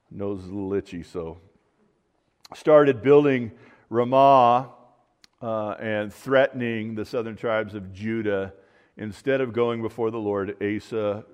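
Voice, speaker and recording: A man's voice: mid-range voice, darkish tone. Guy pastor giving a rambly sermon, lots of you-knows, hall echo behind him. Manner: conversational, rambling with restarts and asides.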